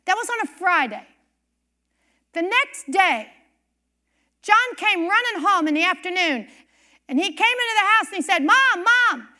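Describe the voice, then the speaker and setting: A middle-aged woman preacher telling a personal story in a sermon, animated and emphatic, repeating key lines. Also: very high-pitched, normal speed, pauses often. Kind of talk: sermon testimony.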